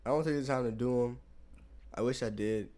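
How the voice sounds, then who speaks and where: A man co-hosting a podcast, bantering in slangy, animated casual talk. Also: mid-range voice, fairly quick. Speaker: podcast co-host. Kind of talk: casual chat.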